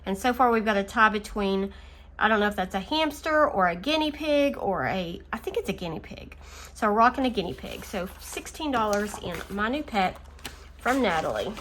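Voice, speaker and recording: A woman hosting a casual budgeting video, chatting and counting her savings out loud, easily amused. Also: medium pitch, big pitch swings, normal speed. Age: adult. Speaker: budgeting channel host. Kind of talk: casual chat while scratching savings challenges. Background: faint engine noise from a utility vehicle outside.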